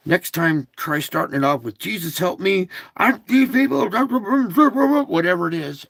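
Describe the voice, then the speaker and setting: A man speaks as God in a devotional talk, unhurried and drawn out, with a gravelly edge to his voice. He is blunt and plain-spoken, slips in crude words, and keeps coaxing the listener with questions. The sound is dry and close. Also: medium pitch, no room sound.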